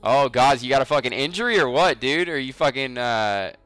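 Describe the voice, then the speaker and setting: Soft background music accompanies this twenty-something man as he streams a game, cursing freely, ribbing his audience and laughing a lot in a joking way. He speaks briskly and expressively in a medium-pitched, fairly bright, clean voice.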